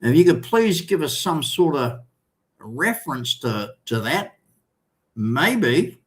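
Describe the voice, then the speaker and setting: Hosting a livestream, this older Australian man speaks in a fairly high, sing-song voice. His casual chat and reading of viewer comments come out rambling and halting, full of restarts.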